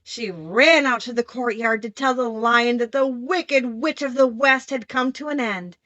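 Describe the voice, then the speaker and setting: A woman reading a children's classic aloud as an audiobook narrator, steady and clear. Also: fairly high pitch, measured pace, no echo, dull audio. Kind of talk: scripted storybook narration.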